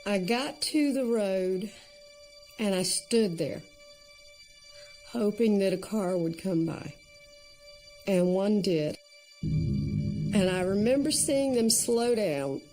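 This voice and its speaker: A woman giving documentary testimony, retelling a frightening survival story in a measured way. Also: mid-range voice, huge pitch swings, mellow, soft background music. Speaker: survivor telling her story.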